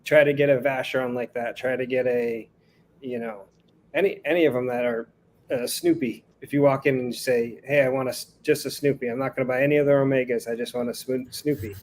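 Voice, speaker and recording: A man's voice: medium pitch, fairly even intonation, fairly quick, slight background noise. A man in a casual chat who explains his point with many restarts and fillers.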